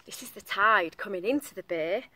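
A woman's voice: medium pitch, normal speed, pushed and bright, no echo. A woman reading a picture book aloud to young children in a sing-song voice, stopping to ask them questions.

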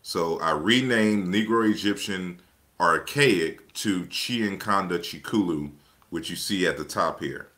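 A man giving an online lecture that walks through slides in a measured, explanatory way, often pausing and restarting his sentences. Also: deep voice, a bit bright. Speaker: lecturer presenting his book.

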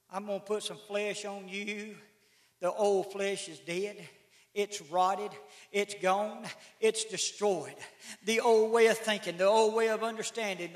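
A middle-aged man preaches. His voice is very high and sharp-edged, and his folksy delivery climbs into shouts. The sound carries the echo of a church sanctuary on a live stream. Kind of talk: sermon. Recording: echoey church livestream.

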